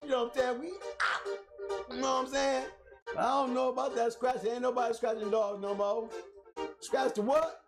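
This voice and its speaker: A man with a notably high, gravelly voice co-hosts a loose talk show. He teases and jokes in slangy banter, and his voice sounds a little rough. Faint music plays underneath. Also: moderate pace. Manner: joking, slangy, teasing. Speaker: co-host.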